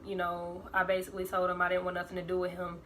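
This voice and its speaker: Chatty young woman with a bright voice. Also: on the low side, completely flat delivery, quick pace, slight background noise. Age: 20s. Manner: rambling, filler-heavy, acts out quoted voices. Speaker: vlogger. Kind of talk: casual storytime vlog.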